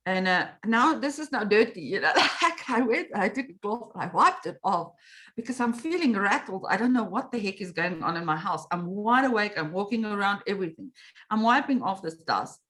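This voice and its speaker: As an interview guest, a middle-aged meditation coach recounts a story in a mid-range voice at a moderate pace. She animatedly performs her own earlier reactions and quotes.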